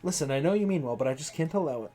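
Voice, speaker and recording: A man voicing a composed noble woman knight in a video game, polite and measured. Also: on the high side, animated, dark tone, faint music behind, natural voice. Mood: earnest.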